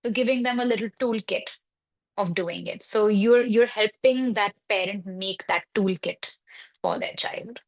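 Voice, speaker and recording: In a low-quality recording, a woman counseling psychologist speaks a little slowly at a medium pitch during a webinar discussion. She is reassuring, explaining things with everyday examples and quoting the worries parents raise.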